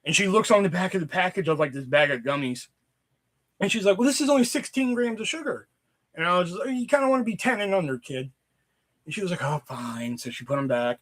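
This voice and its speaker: A man with a fever chatting casually on a livestream, telling a rambling story full of swearing and loudly acted quotes. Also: high-pitched, animated, quick pace. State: sick with a fever. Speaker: streamer.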